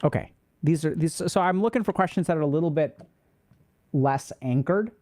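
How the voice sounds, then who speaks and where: A man's voice: on the high side, expressive, normal speed, warm tone. A man hosting a casual livestream, reading out and answering chat questions in a loose, rambling way.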